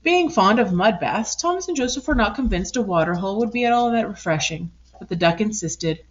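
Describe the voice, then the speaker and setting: A woman reads a children's storybook aloud, her voice rising and falling with lively expression. The recording is a little dull and lo-fi. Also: medium pitch, a little fast. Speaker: storybook reader. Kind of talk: picture book read-aloud.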